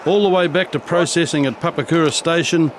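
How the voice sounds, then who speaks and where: A man's voice: on the high side, a little fast, noisy background. New man narrating a documentary.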